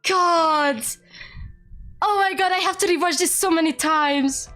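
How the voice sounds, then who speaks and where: Very high-pitched, screaming woman streamer. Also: a little fast, faint music behind. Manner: excitable, squealing and screaming with delight. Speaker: VTuber streamer. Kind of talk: live game stream reaction.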